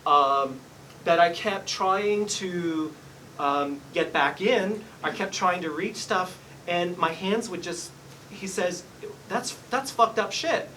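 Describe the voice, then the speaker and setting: A man's voice: high-pitched, slow pace, sharp tone, distant mic, a little hiss or hum, poor audio. Earnest man giving a psychic reading. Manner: earnest, polite, keeps apologizing while relaying messages. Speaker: psychic medium. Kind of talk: live reading session. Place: hair salon, indoors.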